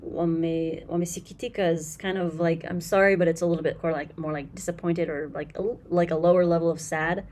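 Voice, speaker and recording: Her voice sits on the low side, a little mellow, with a flat delivery. She teaches Swahili in a casual commentary, explaining patiently, repeating phrases slowly with fillers, and speaking openly about bad translations.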